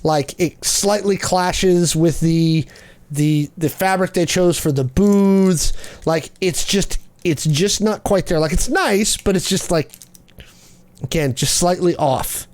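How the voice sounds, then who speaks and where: A man's voice: high-pitched, slow, a little mellow. A man narrating as game master of a tabletop game, rambling with many fillers. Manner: rambling, lots of fillers and likes.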